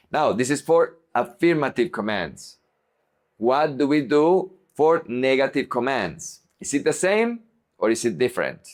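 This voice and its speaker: A man teaching a language lesson, modeling each example word slowly and repeating it for practice. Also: medium pitch. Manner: slow, deliberate modeling of words. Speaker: Spanish teacher.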